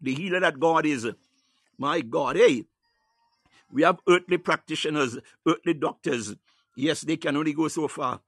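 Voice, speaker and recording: A man's voice: fairly high pitch, normal speed, fairly bright tone, husky, no echo. A man preaching a sermon, filling his phrases with "hallelujah" and "ah, my God" and breaking into tongues.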